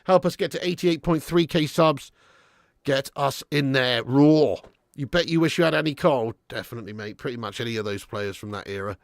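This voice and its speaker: A man hosting a live football watch-along, excitable, yelling at the referee one moment and muttering the next, and chatting with his viewers. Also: brisk, no room sound, studio quality. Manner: excitable, yells at the referee, then drops to low muttering; swears and chats with live viewers. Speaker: fan channel host.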